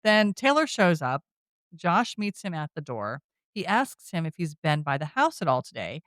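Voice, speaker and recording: A woman podcast host casually retelling a film plot, chatty and quick to laugh. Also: low-pitched, sing-song, a bit bright, no echo, clean studio sound.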